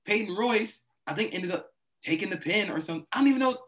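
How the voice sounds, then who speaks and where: A man's voice: high-pitched, expressive, fast, a bit bright. A man co-hosting a wrestling podcast, ranting in disbelief and acting out his own reactions. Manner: exasperated, acts out his reactions. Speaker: podcast co-host. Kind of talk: casual wrestling chat.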